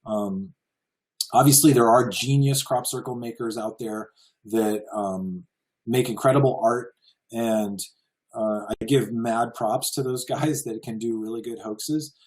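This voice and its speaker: This American presenter talks a little slowly with a medium pitch, and the recording is rough. His casual slideshow lecture comes across as earnest and awed, punctuated by the odd chuckle.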